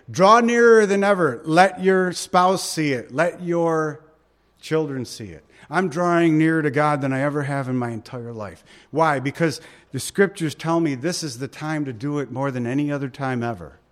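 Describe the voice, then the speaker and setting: Emphatic preaching man, higher voice. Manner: emphatic preaching, slows down to stress scripture quotes; asks the listeners rhetorical questions. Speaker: pastor. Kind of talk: sermon.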